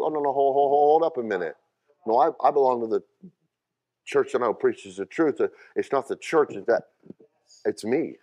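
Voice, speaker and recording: A male pastor preaching with a mid-pitched voice. He rises in loud, high bursts, then drops to quieter, conversational asides. He often repeats words and fires questions at his listeners. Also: lively intonation, fairly quick. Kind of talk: sermon.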